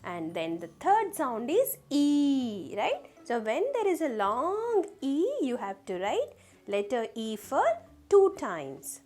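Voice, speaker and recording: A woman teaching a children's phonics lesson, slowly sounding out letters and asking the class questions. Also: high voice, huge pitch swings, a little mellow.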